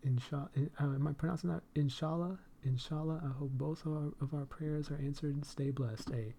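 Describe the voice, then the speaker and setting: Dude hosting his stream, gravelly mellow voice, keeps saying hey my dude, laughs a lot. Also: fairly high pitch, fairly even intonation, a little fast, a little hiss or hum. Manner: laughs between phrases. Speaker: streamer and podcast host. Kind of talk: casual live-stream chat.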